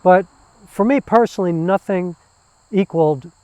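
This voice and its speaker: A man's voice: high-pitched, moderate pace, mellow, rough recording. A man, a theater performer and former musician, talking casually and enthusiastically with many fillers. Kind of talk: casual interview talk.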